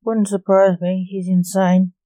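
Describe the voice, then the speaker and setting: A woman reading as a gruff grim reaper father. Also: medium pitch, flat delivery, measured pace, dark tone, dry recording, close to an everyday voice, rough recording.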